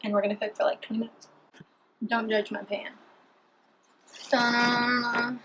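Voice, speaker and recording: A cooking vlogger chats cheerfully through a home cooking video in her kitchen, staying upbeat and talking while she eats. Her voice is medium-pitched and monotone, she talks fast, and there's heavy background noise.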